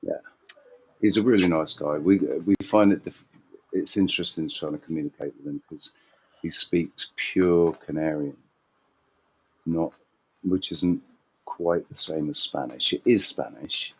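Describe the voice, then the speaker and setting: Deep-voiced man, meandering and hesitant. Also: a little slow, long pauses, husky, low-quality recording. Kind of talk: casual chat.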